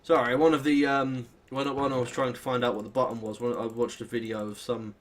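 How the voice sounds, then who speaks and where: A young British man casually commentating his gameplay, rambling and self-deprecating as he thinks out loud. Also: mid-range voice, flat delivery, fast. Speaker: let's play host.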